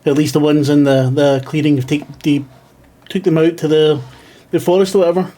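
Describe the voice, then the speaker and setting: A man narrating as game master of a tabletop game in a plain, steady way. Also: on the high side, brisk.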